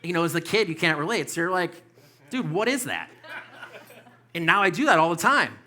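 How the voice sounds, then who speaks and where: A man's voice: fairly high pitch, fast talker, sharp tone. A man in his fifties doing a stand-up comedy set on a club stage, rambling loosely with lots of fillers and swearing. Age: 50s.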